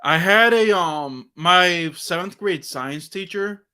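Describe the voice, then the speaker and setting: A man's voice: sits high, slow pace, sharp tone, smooth. A young man hosting a casual sports podcast, rambling with many restarts and fillers. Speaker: podcast host.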